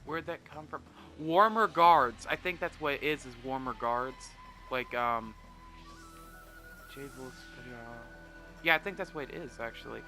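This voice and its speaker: A man's voice: mid-range voice, normal speed, bright, forceful tone, faint music behind. A man hosting a video game let's play, rambling in a self-deprecating way and swearing freely. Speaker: gaming video host.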